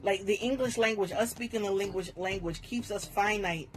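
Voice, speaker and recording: Woman podcast co-host, middle pitch, passionate and rambling, casual chat. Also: moderate pace, soft background music. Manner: passionate, rambling, repeats words.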